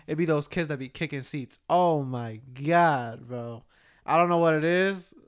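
A man's voice: on the high side, measured pace, clear, resonant tone. A young man co-hosting a podcast, bluntly and casually speaking with lots of slang. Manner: blunt, slangy, says bro a lot. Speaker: podcast co-host. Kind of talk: casual chat.

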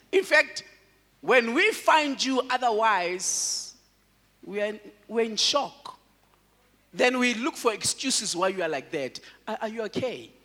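Pastor guy preaching, high lively voice, laughs a lot, big hall echo. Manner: animated, laughing, calls out to the congregation. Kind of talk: sermon.

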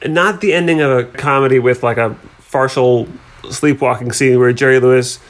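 A man's voice: mid-range voice, fairly even intonation, normal speed. A man co-hosting a podcast, talking casually and wryly about a film, with many filler likes. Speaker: podcast co-host.

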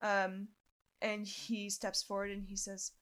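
Brief: young woman player, slow, hesitant narration, bright tone. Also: medium pitch, completely flat delivery. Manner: hesitant, full of ums, describing slowly. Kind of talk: tabletop role-play narration.

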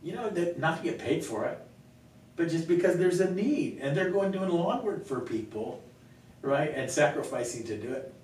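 A male pastor talking earnestly in a conversational Q&A, telling stories with gentle laughs. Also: lively intonation, moderate pace. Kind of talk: conversational Q&A teaching. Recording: echoey room, mic far off, faint rumble.

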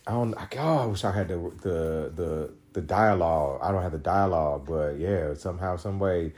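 Solo podcast host, male, deep low register, casual rambling profane storyteller. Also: normal speed, darkish tone. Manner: loose, profane, rambling with many restarts.

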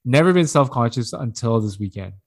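Animated and fairly quick, a man in casual podcast conversation tells a sprawling, profane story. He laughs a lot and renders quotes in a higher voice.

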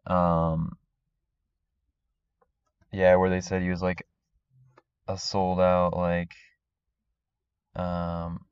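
A man with a somewhat low voice jokes around in casual podcast chat. His sound is dull and lo-fi, close and dry. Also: completely flat delivery, very slow, long pauses, smooth, no room sound. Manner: laid-back, joking, tries silly accents. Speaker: podcast co-host.

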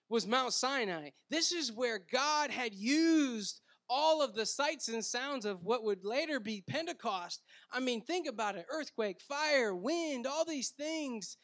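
A high-pitched man preaches to his congregation as their pastor. He swings between booming scripture reading and quiet, intimate asides, and keeps checking in with casual "right?" and "man." It sounds like a dynamic, conversational sermon.

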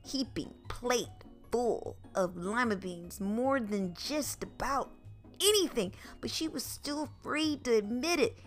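A woman's voice: on the high side, animated, takes it slowly, soft background music. A woman podcast host reading a children's book aloud, playful and adding comic asides. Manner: playful, laughs at her own asides.

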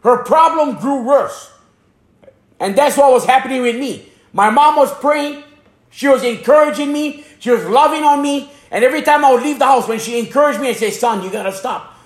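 A man's voice: very high-pitched, normal speed, echoey room. A man from Hawaii giving a passionate religious testimony as a preacher. He repeats phrases and stumbles over his words. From Hana, Maui, Hawaii.

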